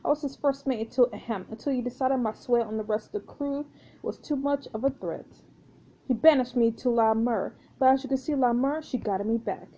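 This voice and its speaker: A woman putting on a brash, sly French pirate lady from a story game, high-pitched and theatrical with a mock French accent. The tone is mellow and a little dull, like a lo-fi recording. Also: brisk, close to an everyday voice. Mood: scheming. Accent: put-on French. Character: swaggering French pirate woman, bold ex-first mate.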